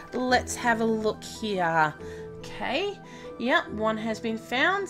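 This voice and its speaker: A woman's voice: fairly high pitch, a bit bright. A woman chatting casually on a live game stream, self-deprecating and talking to herself as she plays.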